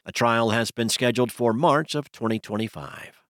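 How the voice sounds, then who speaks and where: A man hosting a news podcast, reading a scripted bulletin in a steady, measured way. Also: medium pitch, no room sound, clean studio sound.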